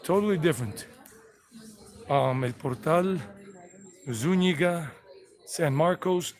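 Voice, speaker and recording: A man's voice: fairly high pitch, slow, pauses often, darkish tone, soft background music. A middle-aged American man hosting a casual walking-tour live stream, rambling and repeating himself as he walks. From United States. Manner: rambling, repeats himself, sings song snippets. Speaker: vlog host giving a walking tour. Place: outdoors on city streets. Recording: outdoor street noise behind voice.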